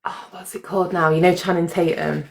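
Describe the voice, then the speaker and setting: A woman's voice: lowish voice, steady tone, fairly quick, creaky, noisy background. A woman in her thirties hosting a live stream, chatty and casual with some swearing. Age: 30s. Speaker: livestream host.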